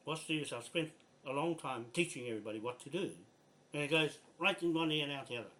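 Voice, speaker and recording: A man's voice: fairly high pitch, fast talker, a bit bright. An older man with a New Zealand accent, speaking bluntly and with exasperation in a frustrated, swearing video message. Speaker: land rights activist.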